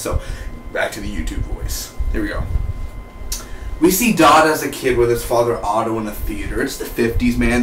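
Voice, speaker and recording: A man's voice: medium pitch, fairly bright tone, recorded from a distance, slight background noise. Casual male TV reviewer, rambling and self-deprecating, recorded off-mic in an echoey room. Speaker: TV episode reviewer.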